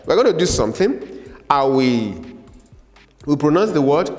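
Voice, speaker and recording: A man's voice: a little high, very animated, moderate pace, pauses often. A man teaching a language lesson, patient and repetitive, having learners repeat words after him. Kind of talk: slow, drilling language lesson. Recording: echoey room with faint music.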